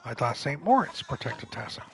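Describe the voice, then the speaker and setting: A man's voice: mid-range voice, big pitch swings, moderate pace, fairly bright tone, low-quality recording. A man reading aloud the lines of a curious young aspiring painter in a video game.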